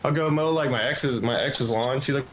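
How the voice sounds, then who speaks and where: A man's voice: medium pitch, moderate pace, a little hiss or hum, rough recording. A man in his twenties doing a crude, self-mocking stand-up set at an open mic. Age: 20s. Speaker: stand-up comedian.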